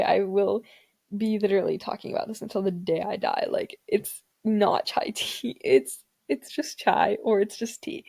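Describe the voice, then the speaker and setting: A teenage girl of Indian family background hosts her own podcast, talking casually and dramatically with plenty of filler words. Her voice is mid-range, with vocal fry and a darkish tone.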